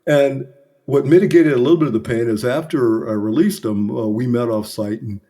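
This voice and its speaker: Mellow-voiced man telling candid stories. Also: medium pitch, moderate pace. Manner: reflective, earnest, self-critical. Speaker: business consultant, podcast guest. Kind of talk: candid conversational storytelling.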